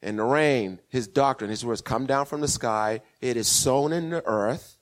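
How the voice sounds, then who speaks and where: A man's voice: mid-range voice, unhurried. A man preaching a sermon in a call-and-response style, building to emphatic peaks and checking in with his congregation. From West Indian parents. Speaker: pastor.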